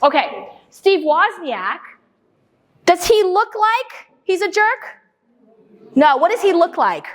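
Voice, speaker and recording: A woman's voice: very high voice, slow, long pauses. A woman lecturer giving an interactive talk. She quizzes the audience, repeats their answers back and tells anecdotes, often checking in with "right?" and "okay?". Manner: lively anecdotal storyteller with frequent "right?" and "okay?". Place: large lecture hall. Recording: long hall reverb.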